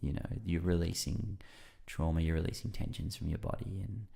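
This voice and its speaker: A man with a low voice talks in a relaxed, conversational way as a podcast guest, with a gravelly edge to his voice. He rambles a little and fills pauses often. He acts out his own reactions while he tells a story. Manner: loose and rambling with many fillers.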